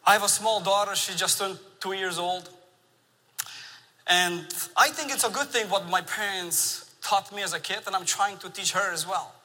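Bright-voiced man preaching in a hall. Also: high voice, moderate pace. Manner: animated storytelling with laughs. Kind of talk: sermon. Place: large church sanctuary. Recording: long reverb of a large church hall.

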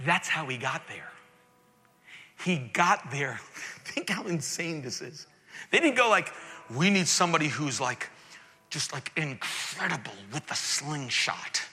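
A man preaching a sermon to students as their pastor, animated and acting out quoted voices, sometimes rising to near shouts. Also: medium pitch, measured pace, long pauses. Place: church auditorium. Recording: echoey hall with faint music behind.

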